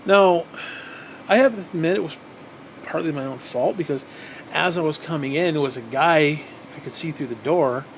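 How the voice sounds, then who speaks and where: A man telling a story casually, animated, swearing often and repeating phrases for emphasis, sounding tired. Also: on the high side, normal speed, long pauses, slight background noise, poor audio. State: physically exhausted.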